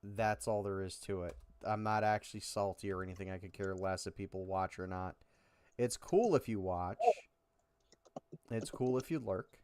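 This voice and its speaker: A man hosts a casual stream and talks in a rambling, self-correcting way, poking fun at how few people watch. His voice sits low and sounds smooth and clear, and the recording is dry, with no room echo. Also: moderate pace, darkish tone. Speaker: stream host. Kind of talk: casual chat.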